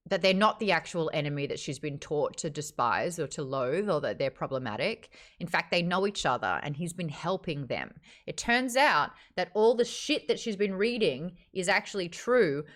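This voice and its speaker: A woman hosting a casual live-streamed book club, talking bluntly, swearing freely and ranting in an animated way. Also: fairly low pitch. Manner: animated, acts out quotes.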